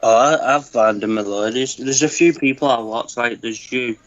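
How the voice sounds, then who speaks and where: A man's voice: medium pitch, moderate pace. A caller on an internet call, chatting loosely and cracking into laughs and swearing. The line sounds muffled and lo-fi. His voice sits in a middle register. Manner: laughing, swearing, mock play-by-play calls. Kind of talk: casual chat on a live stream call. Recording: dull lo-fi call audio.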